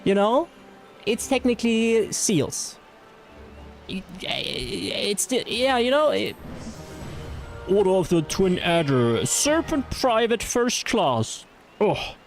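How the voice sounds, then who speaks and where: A man's voice: high voice, lively intonation, slow, faint music behind. A man with a German accent chatting casually through a game livestream, rambling with fillers and reading chat messages aloud. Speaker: streamer.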